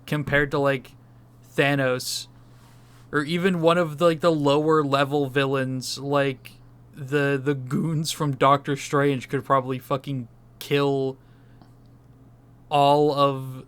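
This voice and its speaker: A man's voice: medium pitch, level tone, slow pace, a bit bright, clear, resonant tone. A man co-hosting a casual movie discussion podcast, rambling and swearing freely. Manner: rambling, swears casually, does silly beep noises. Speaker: podcast co-host.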